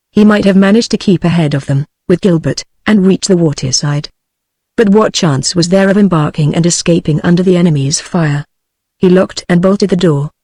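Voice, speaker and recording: A woman's synthetic voice with a British English accent, reading a novel aloud in steady, even scripted narration. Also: on the low side, no room sound.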